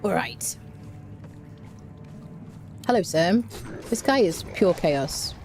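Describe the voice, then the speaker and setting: A woman's voice: lowish voice, expressive, slow, darkish tone, faint music behind. A woman streamer giving chatty, rambling live commentary while she plays a game, often saying "there you go.".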